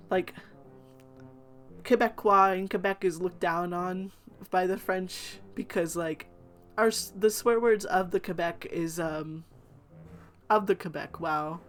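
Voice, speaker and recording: A young woman streaming a visual novel, reading its lines aloud and chatting with lots of fillers and asides. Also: on the low side. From Canada. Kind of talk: casual let's-play reading and chat.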